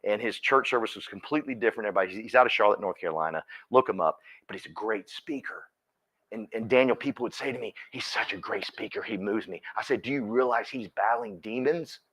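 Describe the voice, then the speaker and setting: A man's voice: fairly low pitch, quick pace, a bit bright. A man giving a motivational talk at a team meeting, speaking emphatically and calling on listeners by name. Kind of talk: motivational talk to a live audience.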